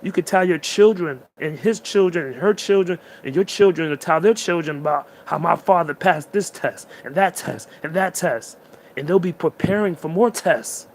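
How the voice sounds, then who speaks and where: A man's voice: fairly high pitch, normal speed, slight background noise. A man giving an emotional, preachy motivational monologue straight to the listener. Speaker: motivational speaker.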